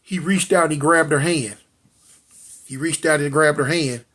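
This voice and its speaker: A man's voice: on the high side, fairly even intonation, normal speed, fairly bright tone. A man telling a street story dramatically, repeating lines, calling out to listeners and voicing gunshot sounds. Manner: addresses listeners directly.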